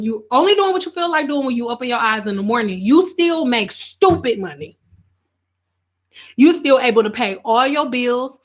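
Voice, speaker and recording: A woman talks candidly to her livestream audience in an animated, unscripted way. Her voice sits a little high, and she slips into quoted voices now and then. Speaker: hairstylist and online host. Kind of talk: casual livestream talk.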